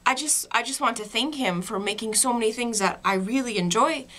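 Young woman, bright clear voice, awkward self-mocking vlog storyteller. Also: fairly high pitch, brisk. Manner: self-deprecating, wry and awkward. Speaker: vlogger. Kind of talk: casual storytelling monologue.

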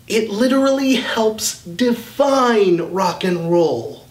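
A man in his thirties, a rock critic host, delivering scripted music review commentary in an emphatic, sardonic way. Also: medium pitch.

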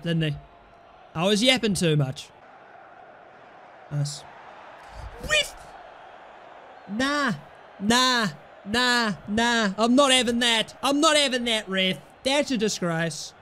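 A young man giving animated commentary over a football video game, swearing and shouting at his players in mock outrage. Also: high-pitched, takes it slowly, pauses often, slight background noise. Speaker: gaming commentator.

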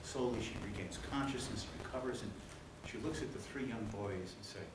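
A man giving a public lecture, telling jokes in an animated storytelling way before the serious talk. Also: fairly low pitch, a little fast. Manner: animated storyteller, voices the joke characters. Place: lecture hall with audience. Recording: echoey hall, distant mic, room noise.

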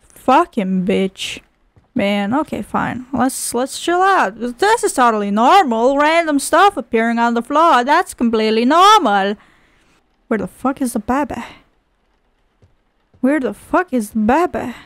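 A woman's voice: fairly high pitch, animated, unhurried, a bit bright, dry recording. A woman streaming a horror game, swearing and mock-scolding, with a sing-song manner when she reads a storybook aloud. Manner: foul-mouthed, mock-angry, sarcastic. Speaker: gameplay streamer. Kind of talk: profane gameplay commentary.

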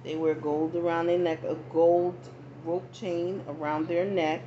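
A woman's voice: on the low side, little pitch movement, measured pace, mellow. A woman giving a casual tarot reading to her viewers, talking to them directly and often checking in with asides. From not from the American South. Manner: conversational, frequent asides and check-ins to viewers. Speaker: tarot reader. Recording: dull lo-fi audio, faint background noise.

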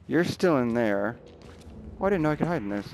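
A man's voice: medium pitch, sing-song, brisk, a little mellow, slight background noise. A young man giving let's play commentary, jumpy and nervous, talking back to the game's characters. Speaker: gamer.

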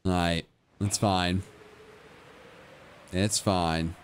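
Livestreaming a game, a young man swings between a hyped, goofy streamer voice and glum, self-mocking mutters to his chat. His voice sits low with a level tone, and he speaks extremely slowly. There's slight background noise in this casual commentary.

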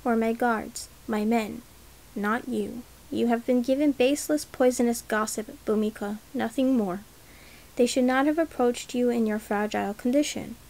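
A woman's voice: a little high, steady tone, normal speed, creaky, darkish tone, rough recording. A woman reading the part of a stern, impatient male regent who talks in curt, commanding lines. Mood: dismissive.

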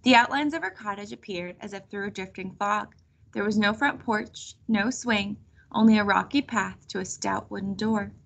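A woman reading a children's chapter book aloud in a steady storytelling manner. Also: mid-range voice, gravelly. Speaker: reader.

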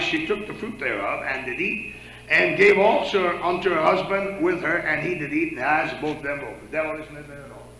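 A man's voice: on the high side, expressive, brisk, sharp tone, slight background noise. A man preaching a sermon in a church, talking conversationally and stopping to ask the congregation questions. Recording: echoey church sanctuary.

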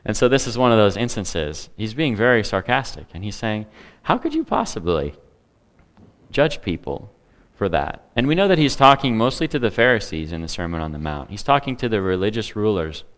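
A man's voice: lowish voice, expressive, quick pace, hardly any pauses, a bit bright. A man preaching a sermon in a conversational way, with humor and asides to the congregation. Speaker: pastor.

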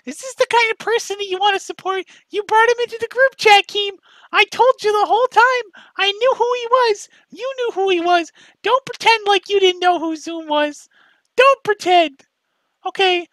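A man's voice: normal speed, pushed and bright, no echo, poor audio. A man doing a mocking impression of a whiny, self-pitying young man who nags a rival with repetitive questions. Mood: shrill ranting. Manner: nagging, repetitive, shrill questioning. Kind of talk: mocking impression in a commentary video.

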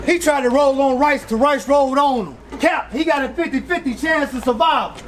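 A man from South Carolina performing in a rap battle, boastful and aggressive, breaking into shouts and hype ad-libs. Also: very high voice, fairly quick. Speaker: battle rapper. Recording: noisy live event with crowd ambience.

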